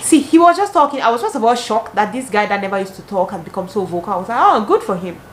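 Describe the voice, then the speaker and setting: A young woman with a Cameroonian English accent, telling dating stories casually in an animated, dramatic way with exclamations. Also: mid-range voice, fast, a little hiss or hum. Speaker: vlogger. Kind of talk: casual storytelling. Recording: roomy echo, faint ambience.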